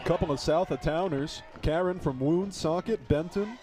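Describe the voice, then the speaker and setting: Lively man calling a football game. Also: on the high side, moderate pace. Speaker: play-by-play commentator. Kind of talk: live football play-by-play. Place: outdoor football stadium broadcast booth.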